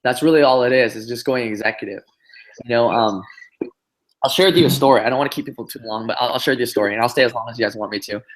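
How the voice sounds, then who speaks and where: A man giving a motivational business talk on a group call, telling a story in an animated way with lots of "you know" and "right?". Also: mid-range voice, rapid-fire. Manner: animated storyteller, many fillers and tag questions. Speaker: business trainer.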